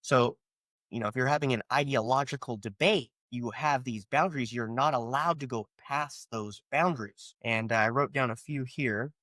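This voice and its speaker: A man's voice: mid-range voice, normal speed, fairly bright tone, no room sound. A man hosting a solo podcast, ranting with rhetorical questions and sarcastic asides. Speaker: podcast host.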